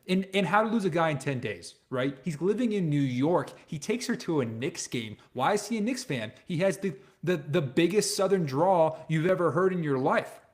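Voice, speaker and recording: A man as a guest on a casual sports podcast, blunt and opinionated, often trailing off quietly at the ends of his points. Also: on the high side, lively intonation, moderate pace, hardly any pauses.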